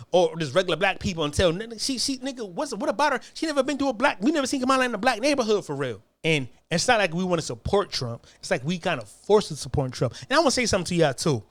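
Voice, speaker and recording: A man's voice: high-pitched, fairly bright tone, dry recording. An American man delivering a heated, profane monologue, hammering his points with repeated phrases. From United States. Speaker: commentator.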